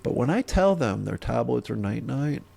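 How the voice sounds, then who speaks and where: A man's voice: mid-range voice, very animated, normal speed, gravelly, mellow, husky. A middle-aged man in casual conversation, self-deprecating, laughing often and restarting his sentences.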